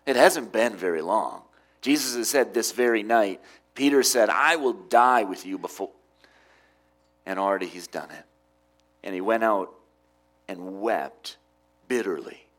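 A middle-aged man preaching a sermon, with emphatic rises and quiet drops. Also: on the low side, measured pace, pauses often. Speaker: pastor.

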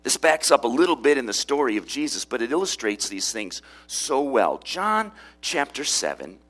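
A pastor delivers a sermon in a lively, conversational style, peppering it with rhetorical questions. His voice sits in the mid range, and he keeps a moderate pace.

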